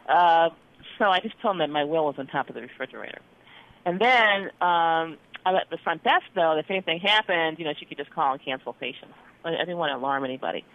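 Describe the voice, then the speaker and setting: A doctor telling a story in an interview, acting out the dialogue with lively expression. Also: medium pitch. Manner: animated, acts out dialogue in quotes. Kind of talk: storytelling in conversation. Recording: phone-like narrow band.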